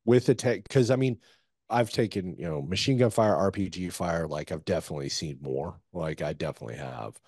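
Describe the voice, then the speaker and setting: Veteran man, very deep and husky, rambling profane storyteller, dry recording. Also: fairly quick, darkish tone, no room sound. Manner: loose, profane war storytelling with many fillers. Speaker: guest, former Army Ranger. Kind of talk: casual storytelling interview.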